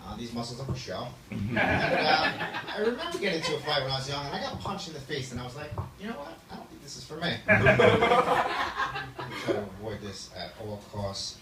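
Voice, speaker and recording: A man's voice: medium pitch, big pitch swings, brisk, over a noisy crowd. Man doing stand-up in an echoey club. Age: 30s. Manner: self-deprecating, laughs at his own jokes. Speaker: stand-up comedian. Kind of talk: stand-up set. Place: small club stage with audience. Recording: echoey room from a distance, loud noise.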